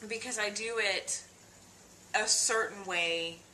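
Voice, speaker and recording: Young woman vlogger, unhurried, emotional confessional tone, lots of ums. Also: mid-range voice, sharp tone, a little hiss or hum. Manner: halting, many fillers and restarts; confiding, emotional storytelling. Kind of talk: personal video diary.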